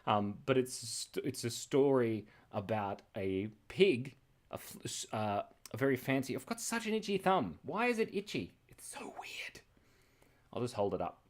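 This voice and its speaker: An Australian man hosts a live drawing stream, rambling in a scattered way, laughing often, and reacting to chat messages as he draws. His mid-range voice has a sing-song quality, and he speaks at a moderate pace.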